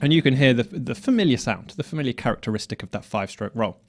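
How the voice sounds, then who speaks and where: A man's voice: mid-range voice, lively intonation, fast talker, music in the background. A man teaching snare drum technique, explaining step by step and counting strokes aloud. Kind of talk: instructional explanation.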